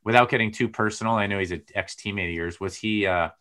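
A man hosting a casual sports podcast, rambling with fillers and getting excited as he goes. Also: on the low side, fast. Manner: rambling, lots of fillers, gets loud and excited. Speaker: podcast host.

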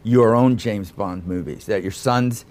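A man's voice: fairly low pitch, measured pace, darkish tone, slight background noise. A man hosting a studio interview, curious and teasing, asking questions casually. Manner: curious, teasing, laughs easily. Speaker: interviewer host.

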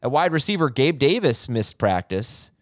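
A man's voice: mid-range voice, very animated, no echo. Dry-voiced male fantasy football host. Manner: quick stat-heavy delivery, dry sarcasm. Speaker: podcast host. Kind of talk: fantasy football news chat.

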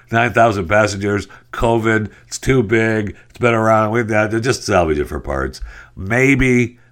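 Deep-voiced rambling sarcastic man. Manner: rambling, sarcastic, many fillers. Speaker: podcast host. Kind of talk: casual news commentary.

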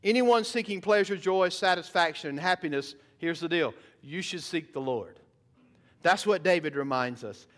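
A man's voice: high voice, fairly bright tone. A man preaching a sermon in church, emphatic, asking the congregation rhetorical questions. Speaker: pastor. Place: church sanctuary.

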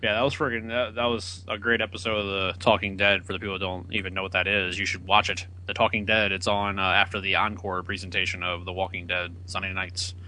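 A man's voice: deep voice, little pitch movement, fast talker, hardly any pauses, bright, forceful tone, a little hiss or hum, rough recording. A man co-hosting an internet radio talk show, rambling through goofy stories and jokes. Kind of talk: casual chat.

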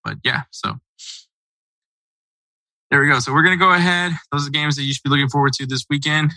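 A man's voice: a little high, fairly quick, creaky, pushed and bright, no room sound, rough recording. A man hosting a casual sports podcast, talking in a loose, rambling, conversational way. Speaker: podcast host.

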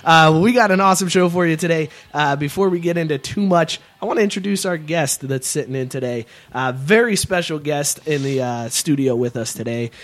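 A man co-hosting a casual sports podcast in a relaxed, joking way, with a Cincinnati accent. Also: a little high. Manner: laid-back, joking, quick to laugh. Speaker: podcast co-host. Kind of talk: casual chat.

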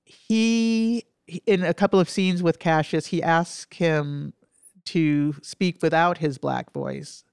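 A woman's voice: deep voice, steady tone, gravelly, darkish tone, smooth, no room sound, clean studio sound. Nasal-sounding woman discussing film. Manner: thoughtful, halting, many fillers. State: nasal from allergies. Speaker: film critic and essay author, guest.

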